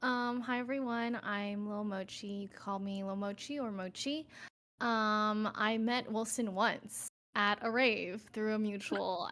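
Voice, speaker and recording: Young woman guest, giggly and excited to be on the podcast. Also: medium pitch, a little slow. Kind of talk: casual podcast introduction.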